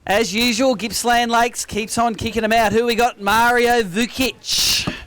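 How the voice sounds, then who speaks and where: An Australian man hosts an outdoor fishing tournament weigh-in. His voice sits fairly high, and he jokes matily with each angler while calling out the weights. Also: steady tone, measured pace, a bit bright. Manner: jokey, matey, upbeat announcing. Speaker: weigh-in host. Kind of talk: casual tournament weigh-in banter.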